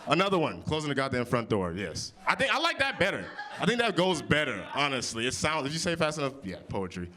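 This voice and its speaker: A man in his early thirties doing improvised stand-up comedy on audience topics, with big jumps in pitch when he quotes people. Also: fast talker. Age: 30s. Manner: animated, jumps high for quoted voices. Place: comedy club stage. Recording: live venue with audience.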